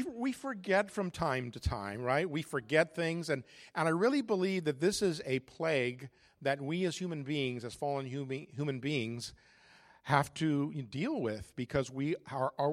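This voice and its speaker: A man delivers a sermon at a conference in a relaxed, conversational way, with jokes and plenty of ums and uhs. His voice sits a little on the high side for a man. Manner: conversational, joking, frequent fillers. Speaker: conference speaker. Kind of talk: sermon with prayer and humor.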